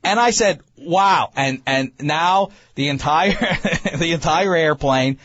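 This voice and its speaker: A man, host of a talk show, telling a comic story in an animated, self-mocking way with many stammering restarts. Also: a little high, slow, no echo, lo-fi sound. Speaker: podcast host.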